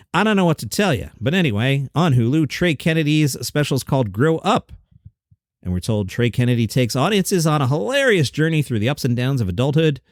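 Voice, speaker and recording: A man's voice: mid-range voice, a little mellow, no room sound, clean studio sound. A man hosting a comedy news show, reading headlines with wry, rambling, self-deprecating asides. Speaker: podcast host.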